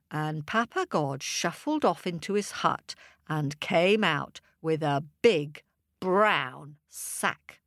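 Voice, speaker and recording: A woman telling a children's story, her voice lively and full of swoops. She speaks very slowly and deliberately, in a dry, close recording. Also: low voice, no echo. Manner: animated, slow and expressive.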